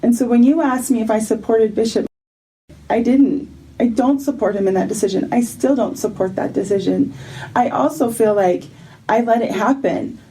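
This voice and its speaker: A woman's voice: on the high side, moderate pace, mellow, poor audio. A woman in a church meeting, speaking firmly and directly and pressing her questions. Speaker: church member. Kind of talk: tense meeting conversation.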